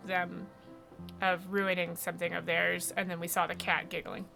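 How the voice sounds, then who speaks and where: A woman's voice: fairly low pitch, level tone, moderate pace, vocal fry, sharp tone. A woman casually commenting to herself while playing a video game, with game music behind her. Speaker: streamer. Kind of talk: casual let's-play commentary.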